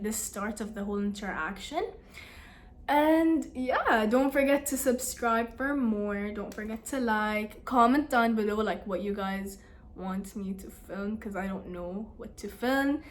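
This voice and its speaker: A young woman vlogger telling a story to the camera in a casual, animated, exasperated way. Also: mid-range voice, moderate pace.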